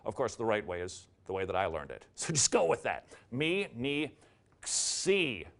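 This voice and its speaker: A man's voice: fairly low pitch, sing-song, normal speed, creaky, a bit bright. A man giving a casual video lesson on letters, sounding each one out and tossing in jokey asides. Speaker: teacher.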